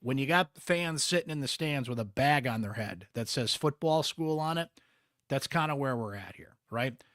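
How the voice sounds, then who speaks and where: A man's voice: medium pitch, animated, normal speed, fairly bright tone, no echo. A man with a Central New York accent hosting a postgame sports podcast, chatty and candid with wry asides, close on the mic.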